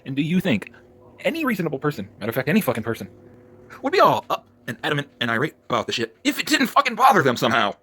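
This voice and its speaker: Man, agitated vlog rant, rapid-fire and husky, pitch jumping all over, curses constantly. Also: huge pitch swings. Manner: profane, agitated, swings between shouting and muttering. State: worked up. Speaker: vlogger. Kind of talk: angry ranting vlog.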